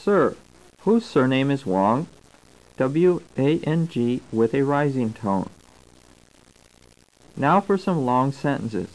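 Slow, measured male course narrator. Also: mid-range voice, lively intonation, darkish tone, rough recording. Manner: slow, measured, spells out words and tones. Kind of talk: scripted instructional narration. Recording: old tape recording.

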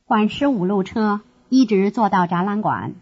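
A woman playing a young female student who gives bus directions in slow, careful drill lines. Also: mid-range voice, darkish tone, slightly rough. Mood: answering. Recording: dull lo-fi course tape.

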